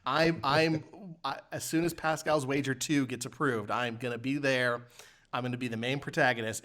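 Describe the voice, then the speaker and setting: A man's voice: medium pitch, fairly even intonation, normal speed, a bit bright. A man co-hosting a podcast in casual chat, laughing often, swearing, and mocking things he finds bad. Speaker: podcast co-host.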